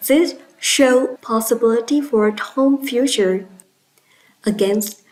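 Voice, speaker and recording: Vietnamese-accented woman teacher, unhurried classroom delivery. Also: a little high, darkish tone, rough recording. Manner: slow, clear, instructive with praise. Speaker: English teacher. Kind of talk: classroom lesson.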